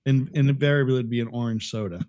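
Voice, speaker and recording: A man's voice: medium pitch, quick pace, a little mellow, dry recording, dull audio. A middle-aged man co-hosting a podcast, chatting casually and reminiscing in a rambling, profane way. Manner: profane, rambling, restarts often. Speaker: podcast co-host. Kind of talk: casual chat.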